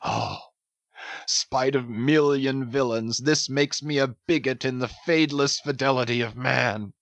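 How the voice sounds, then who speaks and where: A man's voice: medium pitch, very animated, measured pace, creaky, fairly bright tone, dry recording, lo-fi sound, full character voice. A man playing a grim, obsessed old one-legged sea captain, speaking sternly in archaic words. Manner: solemn, stern, archaic speech. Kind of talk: dramatic audiobook reading.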